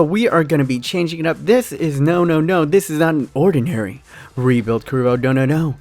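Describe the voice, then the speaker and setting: A man's voice: fairly high pitch, fairly quick, a little mellow. A young American man giving upbeat, jokey commentary on his football video game to his viewers. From United States. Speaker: gaming YouTuber. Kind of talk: casual gameplay commentary.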